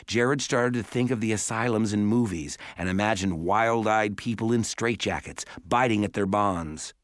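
A man reading a story aloud as an audiobook narrator, in a measured, even way. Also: fairly low pitch. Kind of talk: scripted narration.

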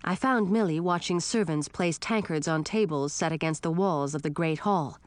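A woman narrating a first-person fantasy audiobook in an expressive storytelling manner. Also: low-pitched, normal speed, no room sound.

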